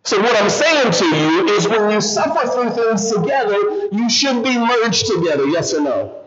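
High-voiced man preaching a lively sermon. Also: normal speed, over a noisy crowd. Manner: animated, keeps questioning the congregation. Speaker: guest pastor preaching. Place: church sanctuary with congregation. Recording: slightly dull church recording with audible congregation.

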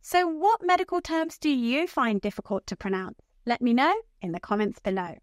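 A woman teaching medical English pronunciation, speaking slowly and enunciating each term clearly. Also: on the high side, no room sound. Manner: slow, clearly enunciated, instructive. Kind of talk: pronunciation lesson.

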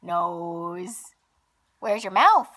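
A woman in a home video, gently coaxing a small child with sing-song baby talk and simple questions. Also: on the low side, expressive, drawn-out words. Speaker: parent coaxing a toddler.

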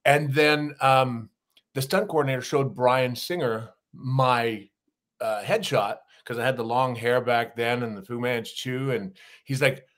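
A middle-aged man, an actor and former wrestler, telling animated anecdotes in a casual interview and acting out the people he quotes. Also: mid-range voice, a little slow.

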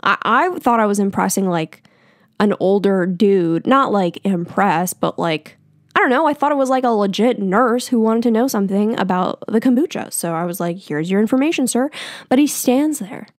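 A young woman hosts a podcast and chats her way through a story, pitching her voice up whenever she plays the other people in it. Her voice sits at a medium height. The room is dead, with the mic close to her mouth. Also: lively intonation, moderate pace, no echo. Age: 20s. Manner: chatty, rambling, quotes people in a raised voice. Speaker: podcast host. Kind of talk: casual storytelling.

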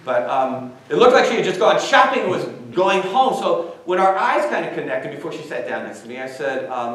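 A man giving a university talk, telling an anecdote with animated delivery and questions tossed to the audience. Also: fairly high pitch, fairly quick, few pauses. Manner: animated storytelling, quizzes the audience. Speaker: guest speaker. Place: large lecture hall. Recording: echoey hall, far from mic.

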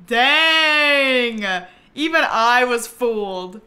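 A woman hosting a gameplay livestream, chatting to viewers, giggly and easily excited, thanking them for subscriptions. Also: fairly high pitch, unhurried. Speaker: livestream host.

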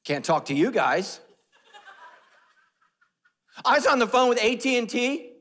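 Male pastor, higher register, playful sermon delivery, swings between hush and shout, long church reverb. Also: measured pace. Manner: animated, joking, swings between loud and hushed. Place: church sanctuary.

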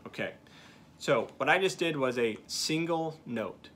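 A man's voice: mid-range voice, animated, a little slow, a bit bright, slight background noise. A man teaching beginners to use a duck call, coaching step by step with frequent "okay" check-ins. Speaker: duck calling instructor. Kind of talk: hands-on teaching demonstration.

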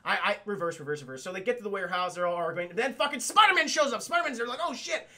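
A man's voice: high voice, expressive, rapid-fire, sharp tone. A man giving a profane, rambling casual recap of a cartoon episode on a live stream, talking to his chat.

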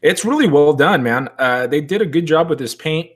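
A man's voice: a little high, animated, normal speed, husky. A man chatting casually on a live stream at his desk at home, joking and greeting viewers in the chat. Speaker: toy collector hosting a live stream.

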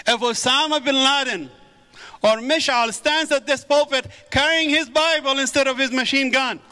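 A man's voice: extremely high pitch, moderate pace, sharp tone. A middle-aged man from the Middle East, a native Arabic speaker, giving a fervent sermon-style testimony to an audience in a large church. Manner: fervent preaching with exclamations of praise. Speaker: guest speaker. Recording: echoey hall with audience.

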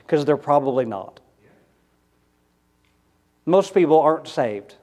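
Pastor guy in his 30s preaching, chatty, keeps asking the room questions, voice sits a bit high. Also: moderate pace, long pauses, darkish tone. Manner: conversational preaching, asks the congregation questions. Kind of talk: sermon.

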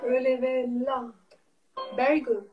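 High-voiced woman calling ballet counts. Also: flat delivery, measured pace, muffled recording, over loud music. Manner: calls steps rhythmically with sing-song counts. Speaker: ballet teacher. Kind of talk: counting and calling ballet steps in a live online class. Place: dance studio. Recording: echoey studio, far from the mic.

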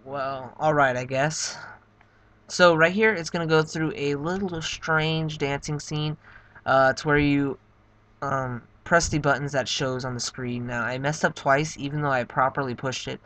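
Bright-voiced young man casually commenting. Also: on the high side, fairly even intonation, measured pace. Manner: chatty, rambling, upbeat. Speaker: let's play narrator.

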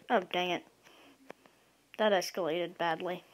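A woman giving casual, self-mocking commentary while playing a video game, quick to get excited. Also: mid-range voice, rough recording. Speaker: gaming video creator.

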